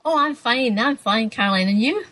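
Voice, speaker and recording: A woman's voice: fairly high pitch, animated, moderate pace, fairly bright tone, rough recording. A woman author with a Scottish accent, reading from her novel with rolled R's and chatting.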